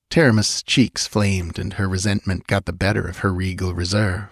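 A man narrating a fantasy audiobook in an expressive, measured storytelling manner. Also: low voice, gravelly, dry recording, clean studio sound.

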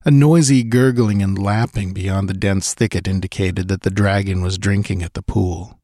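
A man with a fairly low voice narrates an audiobook in a measured, steady way. The recording is dry and close, with no room sound. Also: no room sound.

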